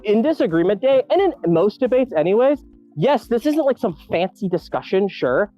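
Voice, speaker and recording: A man's voice: sits high, very animated, normal speed, highs cut off, faint music behind. A man in a heated online voice-chat debate, combative and mocking, repeating taunts and cutting in.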